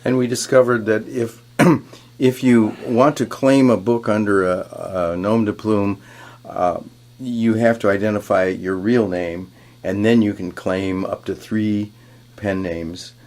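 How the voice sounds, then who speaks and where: A man author on a podcast panel who speaks hesitantly, with many pauses. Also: fairly low pitch, steady tone, a little mellow. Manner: hesitant, many ums and uhs. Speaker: author guest. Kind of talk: casual panel chat.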